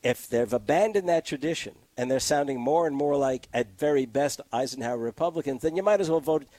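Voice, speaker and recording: Animated man talking politics. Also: medium pitch, no echo. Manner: animated, argumentative, quick to laugh. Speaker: political commentator guest. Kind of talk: casual political discussion. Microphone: close studio mic.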